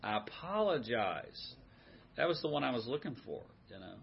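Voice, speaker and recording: A man teaches a men's Bible study, his voice slightly husky. He asks the group questions and repeats back their answers. The recording sounds somewhat dull. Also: mid-range voice, animated, fast. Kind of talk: interactive teaching.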